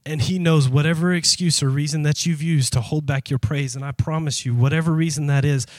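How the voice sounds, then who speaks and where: A man's voice: a little high, steady tone, brisk, no echo. A man preaching a sermon as pastor, impassioned and emphatic, speaking straight to his congregation. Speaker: pastor and youth worker.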